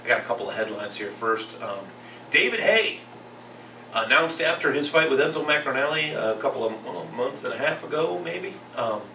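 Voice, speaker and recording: Gravelly and mid-range, his voice moves fairly quickly with few pauses. A podcast host who also teaches second grade, he runs a casual boxing talk show, acting out quotes as an animated storyteller. He sounds distant from the mic, in a roomy, echoey space with faint noise.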